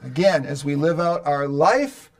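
A man, a seminary professor, explaining a Bible passage verse by verse in a podcast lecture, slow and halting with many fillers. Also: fairly high pitch, lively intonation.

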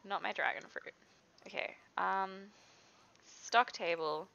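A woman's voice: mid-range voice, slow, creaky, bright, forceful tone, clear, resonant tone, dull audio. A young woman chatting casually through a life-sim game, giggling and talking to her characters as she plays. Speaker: gaming video host. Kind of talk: casual let's-play commentary.

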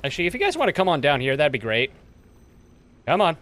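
A man's voice: a little high, wildly swooping pitch, fast talker, a bit bright, a little hiss or hum. A man streaming a video game, joking and swearing through casual commentary in a put-on British accent. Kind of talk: live gameplay commentary.

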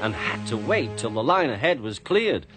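Lively British man reading a children's story. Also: mid-range voice, moderate pace, over loud music.

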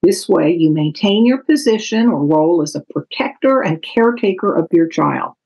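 A woman author giving a calm, measured, instructive talk that explains parenting strategies from her book. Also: lowish voice, creaky, breathy edge, rough recording.

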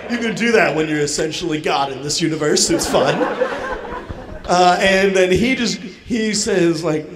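A man's voice: a little high, lively intonation, normal speed, noisy background. A man telling a comic story on stage, acting out chat-room lines in different voices. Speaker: stand-up comedian. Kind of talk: stand-up comedy storytelling. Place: convention hall with audience. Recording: live hall with crowd laughter. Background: audience laughter.

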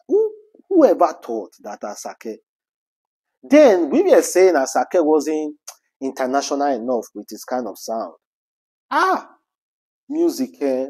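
A man's voice: mid-range voice, warm tone, slightly rough. A man with a Nigerian accent giving casual commentary on celebrity news. He speaks with passion, repeats rhetorical questions and slips into Pidgin.

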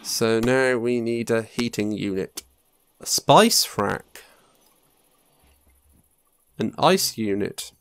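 A man's voice: mid-range voice, lively intonation, slow, pauses often, clear, resonant tone, dry recording. A young man muttering to himself and swearing casually while commenting on his own gameplay. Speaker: gaming YouTuber. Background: faint game music.

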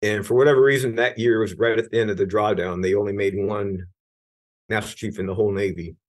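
A man's voice: on the low side, fairly even intonation, fairly quick. A middle-aged American man, a retired Navy senior chief, telling his own story candidly in an interview, earnest and at times emphatic, with frequent restarts. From United States.

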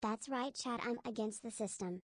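A synthetic woman's voice reading out chat donation messages in a flat, even way. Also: a little high, normal speed, husky, no room sound, clean studio sound. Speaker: text-to-speech reader of chat messages.

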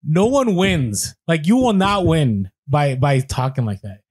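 Man telling a lively story, dry sound. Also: a little high, unhurried, slightly rough, no echo. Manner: animated anecdote telling with quoted voices and restarts. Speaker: podcast co-host. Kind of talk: casual podcast storytelling.

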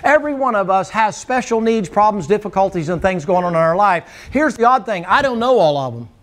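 A man's voice: high voice, animated, brisk, a bit bright. A man preaching a sermon to a church congregation, telling folksy, humorous stories. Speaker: pastor. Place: church sanctuary before a congregation. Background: congregation answering amen.

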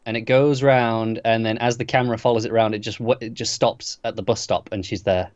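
A man co-hosting a podcast, jumping in with quick comments on a drama's editing. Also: lowish voice, fairly even intonation, dry recording, lo-fi sound. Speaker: podcast co-host. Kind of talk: casual TV review discussion.

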